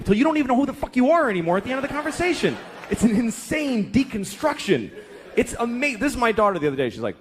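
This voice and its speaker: A man's voice: very high voice, very animated, fast talker. A man doing a stand-up comedy set, telling stories in a profane, exasperated way. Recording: live club with audience laughter and noise. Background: crowd laughing.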